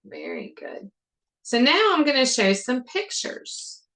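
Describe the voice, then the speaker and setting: A woman teacher modeling a phonics lesson for other teachers, sounding out words and repeating prompts deliberately. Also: mid-range voice, wildly swooping pitch, a bit bright, rough recording. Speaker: reading intervention teacher.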